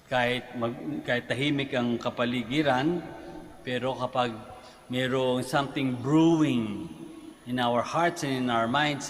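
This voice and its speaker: A man with a Filipino accent, a priest giving a morning homily in a conversational preaching manner and posing rhetorical questions. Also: medium pitch. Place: large church basilica. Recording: long church reverb with faint noise.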